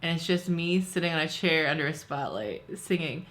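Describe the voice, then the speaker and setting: A woman hosts a relaxed chat in a bright, fairly low voice with a very animated pitch. She jokes constantly, breaks into laughter and swears freely. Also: moderate pace. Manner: laughs often, jokey and profane. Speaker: host. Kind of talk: casual chat.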